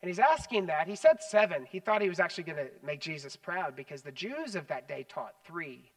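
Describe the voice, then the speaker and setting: A man preaching a sermon as pastor, animated, swinging between loud emphasis and hushed asides. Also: a little high, a little fast, distant mic, rough recording. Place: church sanctuary.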